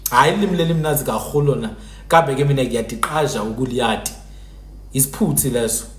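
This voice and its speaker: Animated man talking in an echoey room. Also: mid-range voice, fast. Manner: animated, imitates dialect speech, switches languages. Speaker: TikTok live host. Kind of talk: casual live-stream talk on language.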